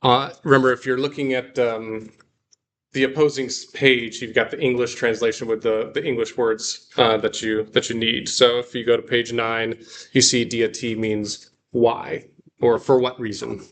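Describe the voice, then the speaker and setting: A man teaching a guided reading class, explaining slowly and patiently with fillers and restarts. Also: medium pitch, level tone, a bit bright, slight background noise. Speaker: Greek teacher.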